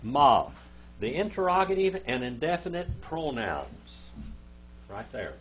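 A man teaching a Bible language class, quizzing his students and reading Hebrew words out slowly. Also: medium pitch, wildly swooping pitch, faint music behind. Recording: dull lo-fi classroom recording with faint hum.

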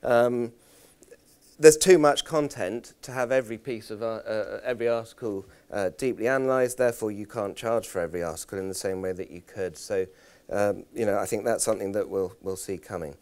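Guy running a conference workshop, smooth clear voice, stumbles and repeats himself a lot. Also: fairly low pitch, darkish tone. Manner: halting, repeats words, self-deprecating anecdotes. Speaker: workshop presenter. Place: conference room.

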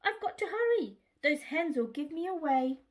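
A woman's voice: high voice, lively intonation, moderate pace, pitched above the performer's own voice. A woman voicing a nervous, dramatic young cow in a children's storybook read-aloud, wailing and mooing anxiously. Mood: worried.

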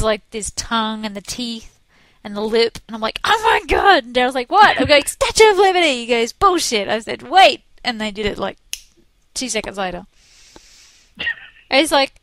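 Animated woman co-host, bright-pitched and close-miked, dry room. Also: no room sound, poor audio. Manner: excitable, animated storytelling. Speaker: podcast co-host. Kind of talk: casual chat.

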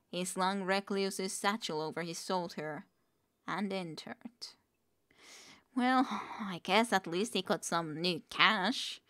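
A woman's voice: fairly low pitch, fairly bright tone. A woman streamer reading a book aloud, with wry, chatty asides.

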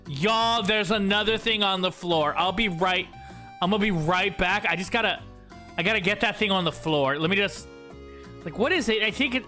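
A man's voice: sits high, bright, forceful tone. A man chatting playfully with his livestream chat, joking at his own expense while he plays. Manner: playful, self-mocking, talks to chat. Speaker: streamer.

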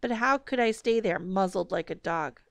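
A woman's voice: medium pitch, moderate pace, vocal fry, dry recording, close to an everyday voice. A woman reading aloud, voicing an indignant father who pleads and protests in a dry, raised voice. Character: exasperated father, defiant and self-righteous man.

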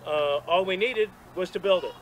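A man's voice: high voice, normal speed, a little hiss or hum, low-quality recording. A man giving a rambling, self-deprecating story as a speech at an outdoor dedication, with restarts and laughs. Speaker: speaker at monument dedication. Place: outdoors at a gathering.

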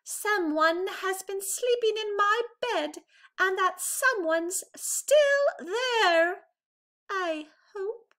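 A tiny storybook bear cub squeals and wails in a very high, swooping voice, as a woman reads it aloud. The cub sounds overexcited and a bit dramatic, and every line comes out slow and loud. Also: expressive, full character voice. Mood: wailing. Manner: squealing, wailing. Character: small excitable baby bear cub.

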